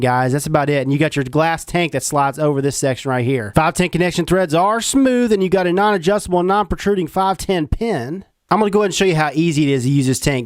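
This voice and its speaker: Man, high voice, slangy and chatty, dry close sound. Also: no echo. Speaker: product reviewer. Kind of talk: casual product review.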